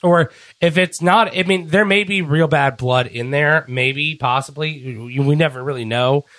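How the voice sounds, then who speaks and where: A man's voice: fairly high pitch, measured pace, fairly bright tone, no room sound. A man co-hosting a casual wrestling podcast, laid-back and joking, swearing freely. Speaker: podcast co-host.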